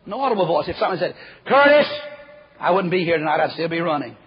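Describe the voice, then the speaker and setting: A man preaching a folksy storytelling sermon, acting out the quoted voices and dropping to a hush at times. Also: a little high, rapid-fire, a little hiss or hum. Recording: muffled lo-fi recording.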